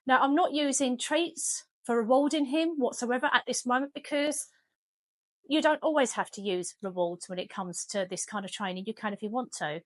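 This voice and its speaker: A woman's voice: on the high side, normal speed, no room sound. A woman, a dog trainer talking casually as she demonstrates a lesson at home. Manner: chatty, firm commands to the dog. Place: home kitchen.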